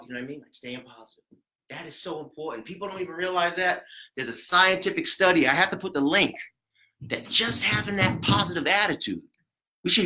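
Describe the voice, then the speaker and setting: A man teaching a CPR class, chatty and rambling, counting compressions out loud and getting out of breath. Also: high voice, low-quality recording. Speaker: CPR instructor. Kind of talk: hands-on class demonstration.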